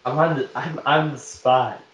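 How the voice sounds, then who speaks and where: A man's voice: mid-range voice, steady tone, moderate pace, a crowd in the background. A man hosting a podcast and making prank calls, improvising with many hesitations and restarts. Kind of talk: casual chat. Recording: echoey room with faint background noise.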